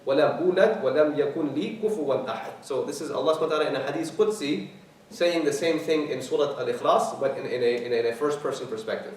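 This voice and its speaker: A man lectures as an imam, walking through the meaning of scripture and leaning on repeated key words. He talks fast and recites passages rapidly. His voice comes from a distance across a very reverberant hall with faint noise behind it. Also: a little high, steady tone. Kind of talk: tafsir lecture. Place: mosque hall. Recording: very echoey hall, mic at a distance.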